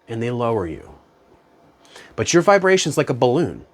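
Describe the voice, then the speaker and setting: A man's voice: mid-range voice, sing-song, normal speed. A man talking as a spiritual self-help coach in a casual, conversational monologue, often saying "you know" and "man".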